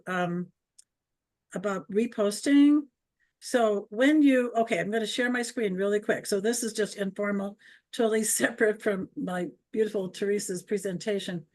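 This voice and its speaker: A woman's voice: mid-range voice, moderate pace, a little mellow. A woman in her seventies from Wisconsin with an Upper Midwest accent, hosting an online webinar in a chatty, rambling way over a video call. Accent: Upper Midwest American. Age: 70s. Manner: chatty, rambling, self-deprecating. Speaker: webinar host. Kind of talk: casual online webinar chat.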